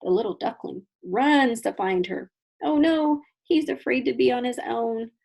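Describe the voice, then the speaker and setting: A woman teaching kindergarten, reading a picture book aloud with an animated, questioning storybook voice and stopping to explain things to the children. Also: fairly high pitch, a little slow, creaky, slightly rough.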